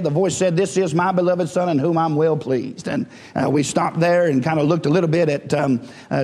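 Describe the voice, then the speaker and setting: Man, pastor, sermon, high voice, conversational then fervent, reverberant church hall. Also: darkish tone. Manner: conversational preaching, frequent "right?" and chuckles, rising to fervent exhortation.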